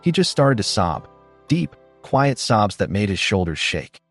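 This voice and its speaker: A man giving scripted, expressive narration of a first-person story. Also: fairly low pitch, measured pace, faint music behind.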